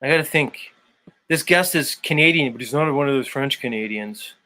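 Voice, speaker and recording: A man with a medium-pitched, bright, forceful voice hosts his own online show at a moderate pace. In this casual livestream chat he rambles loosely and uses lots of fillers.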